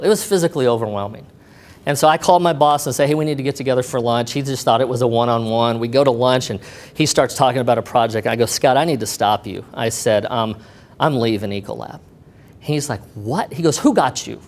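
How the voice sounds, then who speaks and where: A middle-aged man giving a personal testimony to an audience, telling his story in an animated way and acting out what people said to him. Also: on the high side. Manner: animated retelling, acting out quoted dialogue.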